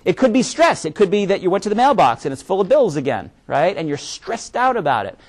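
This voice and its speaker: A man's voice: sits high, very animated, a little fast. A man giving a live presentation to an audience, speaking conversationally and often checking in with "right?" as he explains. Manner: conversational, frequent "right?" tag questions; repeats words when restarting.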